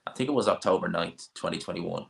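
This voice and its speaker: Brief: male stream host, fairly low voice, blunt, rambling, opinionated. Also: quick pace, creaky. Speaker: boxing channel host. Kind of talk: casual live stream chat.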